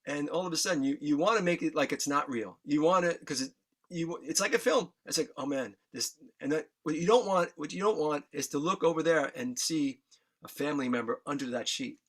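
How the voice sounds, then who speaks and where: An emotional man from New York, a guest musician, tells his story in a slightly high, fairly bright voice at a somewhat fast pace. He's earnest and candid, swears freely, and sounds choked up, the emotion plain in his voice.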